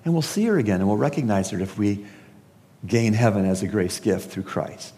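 A man's voice: fairly low pitch, expressive, fairly quick, mellow. A man preaching a funeral sermon, emphatic and asking his listeners pointed questions. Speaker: pastor. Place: church service. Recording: long reverb of a large hall.

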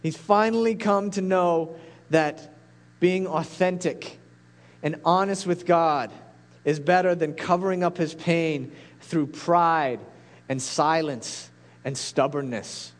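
A man's voice: a little high, slow. A man preaching a sermon as a pastor, earnest and pleading, building to intense peaks.

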